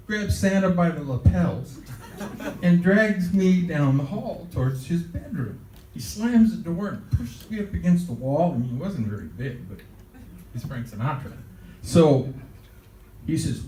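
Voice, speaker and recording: A man's voice: on the high side, lively intonation, normal speed, mellow. An older man, an interview guest, telling anecdotes and laughing through them. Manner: laughs through his stories, acts out quotes. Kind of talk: anecdotal storytelling. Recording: roomy, distant mic.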